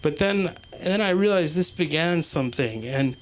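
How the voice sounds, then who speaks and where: A man doing stand-up in a small comedy club, rambling and halting, swearing constantly. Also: on the high side, expressive. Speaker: stand-up comic. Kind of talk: stand-up set.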